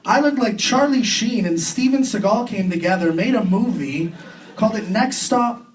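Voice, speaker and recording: A young Canadian man doing a crude, self-deprecating stand-up comedy set on a club stage, with quick impressions between punchlines. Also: sits high, animated. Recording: distant club recording with faint room noise.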